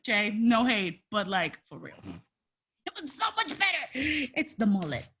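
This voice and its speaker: A woman co-hosting a casual wrestling podcast, sassy and animated, swearing freely. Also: a little high, measured pace. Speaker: podcast co-host.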